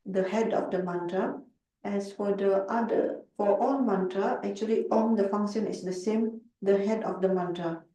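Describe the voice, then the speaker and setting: A woman's voice: medium pitch, dark tone, reverberant. Distant woman interpreting a Buddhist teaching. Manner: halting, searching for words, with fillers.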